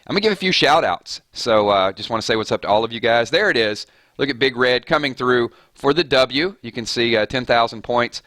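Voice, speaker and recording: A man hosting a casual gaming live stream, chatting loosely with viewers and giving shout-outs, his voice a little hoarse. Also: mid-range voice, fairly quick, dry recording. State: slightly hoarse. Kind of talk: casual live-stream chat over gameplay.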